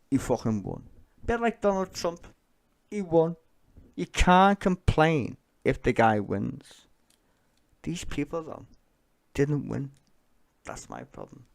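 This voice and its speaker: Sweary man with a gravelly voice. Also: medium pitch. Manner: blunt, sweary and sarcastic. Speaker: streamer reacting to political clips. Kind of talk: casual profane rant.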